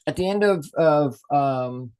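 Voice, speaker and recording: Animated man lecturing with emphasis. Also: fairly high pitch, takes it slowly, clean tone. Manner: animated, emphatic, thinks aloud with restarts. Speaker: speaker on a podcast. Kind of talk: talk about communication.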